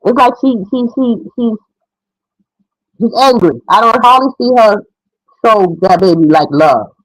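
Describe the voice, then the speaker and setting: A woman's voice: on the high side, lively intonation, measured pace, dry recording, rough recording. A middle-aged woman giving frank, opinionated casual commentary as a mother.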